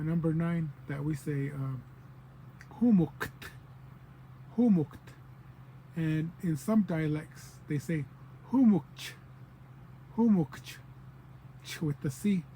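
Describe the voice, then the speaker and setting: A man's voice: on the high side, steady tone, unhurried, warm tone, a little hiss or hum, poor audio. A man giving a casual spoken language lesson, patiently explaining and repeating example words. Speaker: language teacher.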